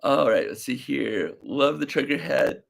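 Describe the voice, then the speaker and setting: A young man hosting a casual livestream, talking slowly and easily with a slight drawl, rambling as he reads viewer comments aloud. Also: medium pitch, lively intonation, creaky. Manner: slow, easygoing drawl. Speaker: livestream reseller host.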